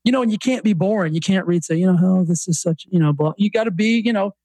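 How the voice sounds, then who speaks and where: Quick and high-voiced, this Southern man, who coaches fitness and writes books, guests on a casual podcast interview. His storytelling is animated and full of restarts, and the recording is dry.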